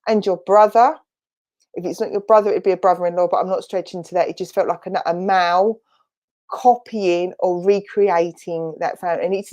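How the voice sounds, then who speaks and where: A woman with an Essex accent and a medium-pitched, dark-toned voice works as a spiritualist medium in an online church service. She gives a chatty spirit reading, thinking aloud as she relays messages.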